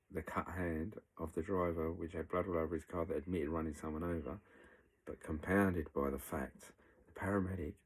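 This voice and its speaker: In a rough recording, a man with a low-pitched, breathy-edged voice tells the story of what happened. He's blunt and animated, swears freely, and acts out people's words as he goes.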